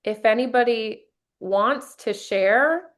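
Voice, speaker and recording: A woman's voice: fairly high pitch, takes it slowly. A woman leading a motivational workshop, talking to a group and guiding them through breathing exercises in an upbeat way. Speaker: team leader running a workshop.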